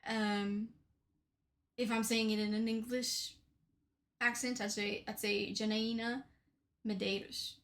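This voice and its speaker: A woman's voice: on the high side, level tone, takes it slowly, long pauses. A young woman from Portugal chatting casually about her tarot decks, with frequent fillers and tag questions. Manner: chatty, many fillers and "right?". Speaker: tarot deck reviewer. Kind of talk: casual deck showcase.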